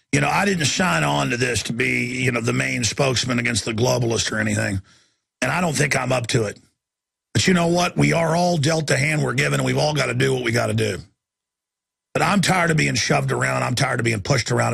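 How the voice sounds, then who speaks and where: A talk radio host delivers a passionate rant that swings from low muttering up to shouting, his voice creaky with a breathy edge.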